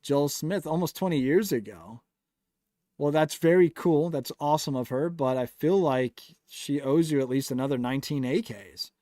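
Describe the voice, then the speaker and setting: A man's voice: fairly high pitch, normal speed, no room sound, studio quality. A man hosting a casual livestream, chatting, joking and reading out viewer comments. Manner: relaxed, joking, sarcastic asides. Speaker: livestream host.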